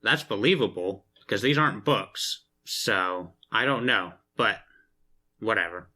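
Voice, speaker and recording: A man co-hosting a casual movie review podcast, easygoing and measured, trailing off at the ends of his sentences. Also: on the low side, expressive, sharp tone. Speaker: podcast co-host.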